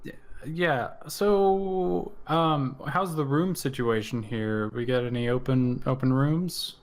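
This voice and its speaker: A man's voice: mid-range voice, a little slow. A man playing a tabletop game, speaking hesitantly with stammers and restarts. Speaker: player. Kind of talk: in-character tabletop play.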